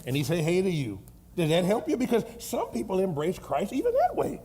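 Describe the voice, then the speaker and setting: A man playing an excitable old grandfather who has attended church for decades, rambling through examples in a church comedy skit. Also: brisk. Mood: folksy. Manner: drawling, rambling, bursts into high squeals.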